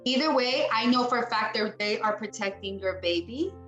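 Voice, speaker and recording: A woman's voice: a little high, normal speed, fairly bright tone, dull audio, soft background music. A woman giving a psychic mediumship reading, talking in a chatty, rambling way and acting out what the spirits say. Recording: echoey room.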